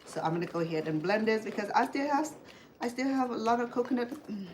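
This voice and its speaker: A woman's voice: on the high side, expressive, quick pace, slight background noise. A woman from Cambodia hosting a casual home cooking demonstration, talking in rambling asides with many fillers and restarts. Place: home kitchen. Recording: clear kitchen clatter behind the voice. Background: clatter of dishes, pots and pans.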